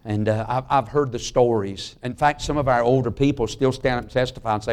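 A middle-aged man preaching a sermon in a church. He tells folksy stories and drops to a hush on key lines. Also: medium pitch, fairly even intonation, a little fast, hardly any pauses. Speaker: pastor. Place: church sanctuary.

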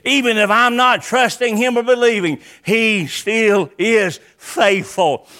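A man's voice: high-pitched, steady tone, slow pace, pushed and bright. A man preaching a sermon at a church service. He repeats key lines and stresses his points emphatically. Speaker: pastor.

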